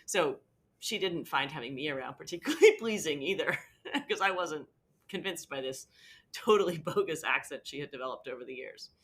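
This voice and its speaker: A middle-aged American teacher telling a story in an interview, animated and laughing often. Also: female voice, low voice, moderate pace. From United States. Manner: animated storyteller, laughs through her words.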